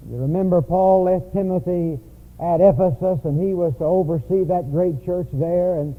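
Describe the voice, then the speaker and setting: A man's voice: high voice, moderate pace. A man preaching a sermon in a church, telling stories in a conversational way. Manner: storytelling, conversational. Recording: tinny lo-fi phone-like recording.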